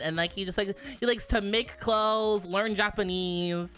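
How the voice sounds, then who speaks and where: A young adult woman chatting casually on a stream, animated, profane and quick to laugh. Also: mid-range voice, faint music behind. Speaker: virtual streamer.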